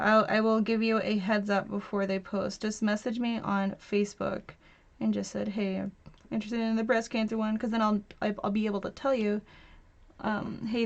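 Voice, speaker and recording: A woman in her thirties runs a relaxed craft livestream from home, chatting and laughing with viewers and reading their comments out loud. Her voice is mid-range with noticeable vocal fry, and the stream audio sounds dull and lo-fi.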